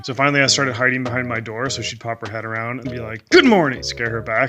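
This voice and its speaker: A man's voice: medium pitch, bright, forceful tone. A young male teacher telling funny stories from school in a casual way, with dry, self-mocking humor. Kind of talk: casual storytelling to camera.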